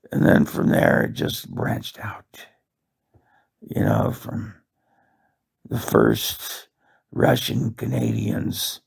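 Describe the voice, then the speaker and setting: Very deep gravelly rambling man. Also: darkish tone. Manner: meandering, profane, full of fillers. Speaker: monologue host. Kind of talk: rambling comic monologue.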